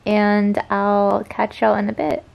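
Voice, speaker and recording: A woman's voice: medium pitch, completely flat delivery, takes it slowly, vocal fry, soft background music. A tired young woman, chatting through casual vlog updates about her pets and stretching her fillers. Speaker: vlogger.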